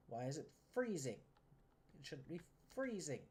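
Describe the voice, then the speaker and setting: A woman's voice: deep voice, big pitch swings, measured pace, a little mellow. A woman streaming a train building game, talking casually to herself and viewers, sarcastic and exasperated, often swearing.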